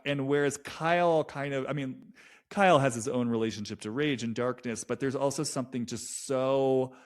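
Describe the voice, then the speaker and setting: A young man picks apart a reality show out loud in a loose, casual monologue. He rambles, restarts his sentences and swears freely, keeping his voice at an ordinary middle pitch.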